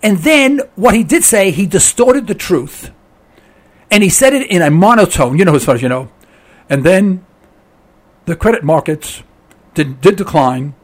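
A man hosting a call-in talk radio show, hoarse with laryngitis, ranting with exasperation and repeating himself. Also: high-pitched, sing-song, normal speed.

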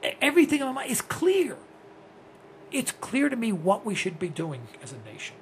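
A man's voice: very high voice, wildly swooping pitch, moderate pace, a little hiss or hum. A man in his sixties hosting a rambling, blunt talk radio monologue. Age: 60s. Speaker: host.

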